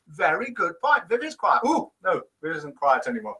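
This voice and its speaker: A middle-aged man from the United Kingdom hosts a casual live morning broadcast, reading viewer comments aloud with playful, chuckling banter. His voice sits fairly high and swings widely in pitch. The tone is bright and forward. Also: normal speed, rough recording. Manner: lively, chuckling, playful quiz-master banter. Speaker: host of a daily live show.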